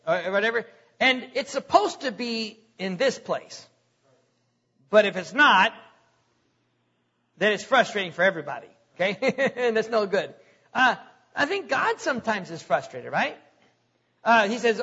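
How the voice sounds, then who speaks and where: A middle-aged man preaches a conversational sermon in a church hall, repeating words and chuckling between points. His high-pitched voice is animated, unhurried, bright and forceful, with a breathy edge. The lo-fi recording has hall reverb.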